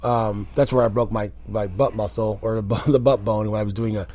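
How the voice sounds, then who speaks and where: A man, a former wrestler, telling rambling, animated stories in a casual interview. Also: on the low side, a little fast, faint music behind. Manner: rambling, animated anecdotes with quoted voices.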